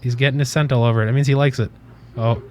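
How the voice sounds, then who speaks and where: A man's voice: medium pitch, steady tone, rapid-fire, darkish tone, lo-fi sound, a little hiss or hum. A man hosting a casual livestream from his desk at home, rambling, swearing offhandedly and cooing at his cat. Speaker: livestream host.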